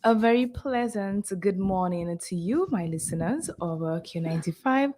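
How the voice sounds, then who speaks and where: A woman's voice: mid-range voice, animated, normal speed, mellow. Woman, radio co-host, studio, friendly greetings, frequent fillers. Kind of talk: radio health show hosting.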